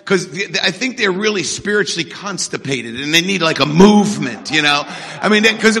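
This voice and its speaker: Animated, high-voiced middle-aged preacher. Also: male voice, brisk. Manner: energetic, call-and-response preaching. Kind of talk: sermon. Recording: echoey hall.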